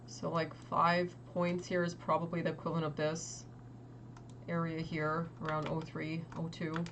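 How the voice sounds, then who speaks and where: A woman's voice: low voice, completely flat delivery, background noise. Chatty young woman streaming trades. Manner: chatty, quick and exasperated, lots of "like". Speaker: trading livestream host. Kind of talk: casual market commentary to chat.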